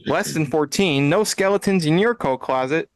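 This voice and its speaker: An animated man on a casual podcast reads web quizzes aloud with playful emphasis. His voice sits fairly high for a man. The sound is dry and close. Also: normal speed, no room sound, rough recording. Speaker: podcast co-host. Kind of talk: casual podcast chat, reading website text aloud.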